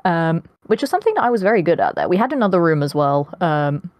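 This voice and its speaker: A woman's voice: fairly low pitch, very animated, fast talker, a little mellow, no echo. A young adult woman with a posh British accent, chatting as a podcast guest, with lots of ums. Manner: chatty, many ums, laughs often. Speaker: guest voice actress. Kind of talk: casual podcast interview.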